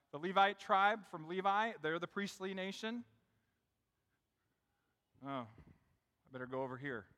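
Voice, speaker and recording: A middle-aged man delivers a sermon from the front of a church. His voice sits high and sounds bright. He tells the story in a conversational way and often speaks straight to his congregation, and the long reverb of the big room hangs on his words. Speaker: pastor. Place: church sanctuary.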